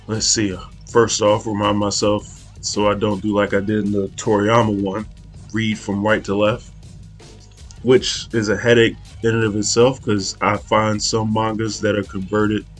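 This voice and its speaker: A young man casually talking through an art study, rambling and hesitant, with many fillers and restarts. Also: fairly low pitch. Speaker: art channel host.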